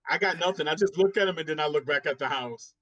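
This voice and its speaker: A man's voice: a little high, quick pace, a bit bright, highs cut off. A man talking as a player in a casual tabletop game, laid-back and joking.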